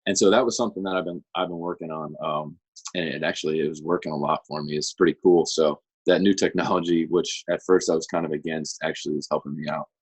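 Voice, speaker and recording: Guest voice: young man, deep and husky, easygoing rambler with lots of "you know" and "um". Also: quick pace. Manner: relaxed, rambling with fillers. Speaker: guest, pro baseball pitcher. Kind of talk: casual interview chat.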